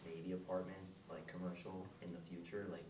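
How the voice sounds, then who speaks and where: A young man with a very deep voice answers slowly and nonchalantly, filling pauses with likes and ums. He sounds distant from the microphone in an echoey room, with faint background noise. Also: little pitch movement. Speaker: new investor asking for advice. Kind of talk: hesitant answers in a live group session.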